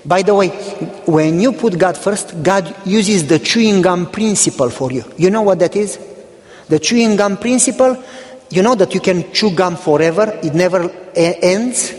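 A Romanian-born male pastor tells a story in a sermon, lively and animated as he plays out the conversations. His voice sits high for a man. The sound carries a long, hall-like reverb. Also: moderate pace. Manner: animated storytelling, acting out dialogue.

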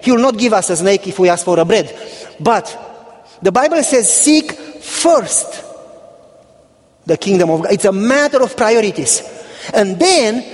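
A man's voice: sits high, animated, brisk, darkish tone. A male pastor delivering a sermon, telling humorous stories and acting out conversations with God and a church member. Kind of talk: sermon with storytelling. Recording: long hall reverb.

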